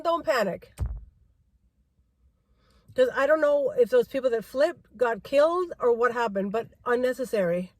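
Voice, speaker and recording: A woman's voice: sits high, animated, normal speed. A middle-aged woman vlogger in a car, giving a rambling driving-safety rant and repeating herself for emphasis.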